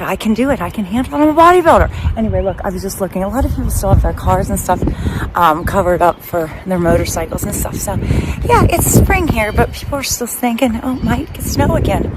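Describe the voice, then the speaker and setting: A woman's voice: mid-range voice, background noise. A woman in her fifties, a personal trainer, chatting casually to her phone camera in a rambling, upbeat way full of asides. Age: 50s. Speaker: personal trainer and bodybuilder vlogger. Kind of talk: casual vlog chat to camera.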